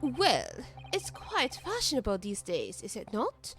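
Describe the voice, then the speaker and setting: A woman's voice: a little high, huge pitch swings, unhurried, fairly bright tone, a little hiss or hum, full character voice. A woman voicing a secretive older man in a game, with a put-on Russian accent and a curt, suspicious way of talking. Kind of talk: reading game dialogue aloud.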